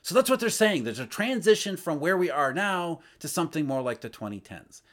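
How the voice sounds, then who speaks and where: A man giving solo market commentary, emphatic, asking rhetorical questions as he explains. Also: brisk. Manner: emphatic, rhetorical questions, lively swings in pitch and loudness. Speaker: financial commentator.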